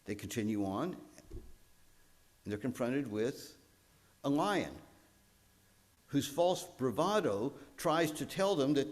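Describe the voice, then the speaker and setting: Animated storytelling male preacher. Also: takes it slowly, pauses often. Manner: animated storytelling with swings in pitch and volume. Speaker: pastor. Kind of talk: sermon.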